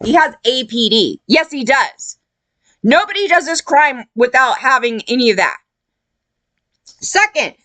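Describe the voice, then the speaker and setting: A woman commentator delivering a heated, profane opinion rant, scornful in tone and quick to mock others in put-on voices. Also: sits high, sharp tone, dry recording. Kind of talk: ranting opinion video.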